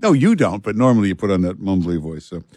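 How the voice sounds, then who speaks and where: Radio host, man, lowish voice, relaxed halting delivery full of "uh", dry studio sound. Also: no room sound. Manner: relaxed, halting, many "uh" fillers. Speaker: fill-in radio talk show host. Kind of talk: talk radio chat and live ad read. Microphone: studio microphone.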